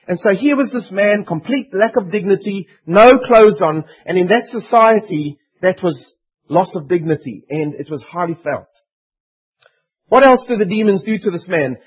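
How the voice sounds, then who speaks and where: A man's voice: high voice, slightly rough, highs cut off. A man preaching a sermon in an earnest, emphatic way. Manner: earnest, emphatic, voicing pleading demons.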